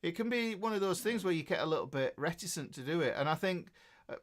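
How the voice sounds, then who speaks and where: Chatty Yorkshire man, slightly high voice. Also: expressive, fast talker. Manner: chatty and rambling, with many fillers and self-interruptions. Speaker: guitar teacher reading live chat. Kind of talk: casual live-stream chat.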